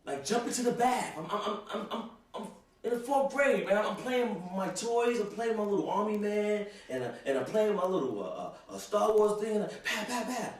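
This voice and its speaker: Sing-song and high-pitched at a moderate pace, this young host rambles through a comedic rant to camera, tripping over words, repeating himself and filling gaps with "you know." The room is very echoey and the mic is far away.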